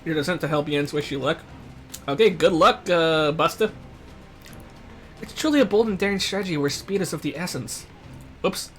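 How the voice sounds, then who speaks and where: A man's voice: fairly high pitch, moderate pace, long pauses, faint music behind. A man streaming a game, reading the story text aloud and adding playful asides to his viewers. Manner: chats with viewers while eating. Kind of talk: let's-play voicing game text.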